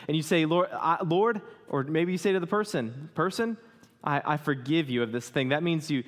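A man in his thirties, a pastor preaching a sermon in a conversational way, often asking the congregation questions. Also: a little high. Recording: hall reverb.

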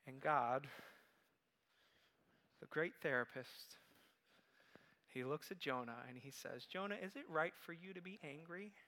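Animated high-voiced preacher in a big hall. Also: male voice, a little slow, pauses often. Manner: animated storytelling, acting out quoted voices. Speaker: pastor. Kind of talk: sermon.

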